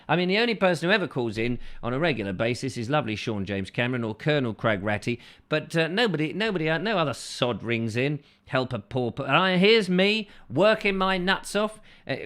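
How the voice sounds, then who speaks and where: A man hosting a chatty call-in show, with lively pitch swings. He talks playfully, rambling from joke to joke. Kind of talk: casual chat.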